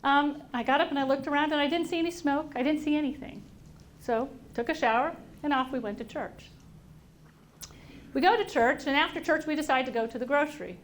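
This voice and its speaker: A middle-aged woman speaking to an audience, telling a personal story in an animated way and acting out the voices of people she quotes. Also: sits high, a little fast, slight background noise. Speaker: invited speaker. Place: auditorium at a workplace event.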